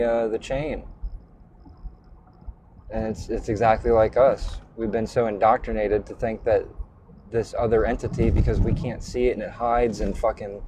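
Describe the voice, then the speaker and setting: A man's voice: medium pitch, darkish tone, a little hiss or hum. A man hosting a casual online call-in chat, talking in a loose, rambling way and swearing angrily. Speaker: show host.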